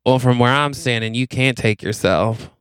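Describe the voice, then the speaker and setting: A man puts on a tall, blunt small-town farmhand with a Texas twang. He bickers in a snarky tone, his voice smooth and clear. The sound is close and dry. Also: mid-range voice, moderate pace, no room sound, lightly acted.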